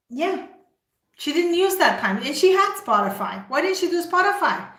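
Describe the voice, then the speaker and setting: A woman's voice: high-pitched, a bit bright. Emphatic woman, roomy echo. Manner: emphatic, full of rhetorical questions; talks straight to her viewers. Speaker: livestream host. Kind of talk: opinionated livestream commentary.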